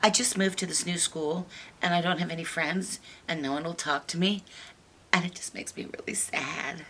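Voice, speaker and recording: A woman's voice: lowish voice, fairly even intonation, moderate pace, a little hiss or hum, close to an everyday voice. A woman doing a shy, stammering little girl. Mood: nervous. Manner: soft, hesitant, stammering. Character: shy, timid young girl, anxious.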